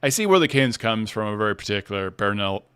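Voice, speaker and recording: Animated, playful male livestream host. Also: on the low side, fast, clear, resonant tone, no room sound, clean studio sound. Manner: animated, playful, laughs often. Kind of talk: casual livestream chat.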